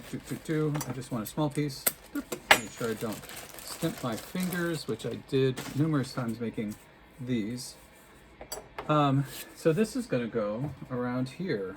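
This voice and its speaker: A man's voice: medium pitch, slight background noise. A man giving an unscripted crafting tutorial, chatting, thinking aloud and humming to himself as he works. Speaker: craft instructor.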